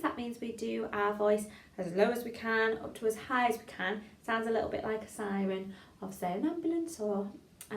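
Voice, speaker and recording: Encouraging voice coach, woman, speaks phrases slow and crisp for students, echoey room. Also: fairly high pitch. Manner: encouraging, models phrases slowly and clearly. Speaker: voice and drama teacher. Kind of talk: online voice warm-up lesson.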